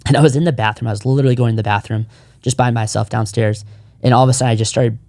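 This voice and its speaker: A man's voice: mid-range voice, steady tone, very fast, dark tone, no echo. A man in his thirties, a podcast co-founder, telling his personal story in casual chat, earnest and rambling with frequent restarts.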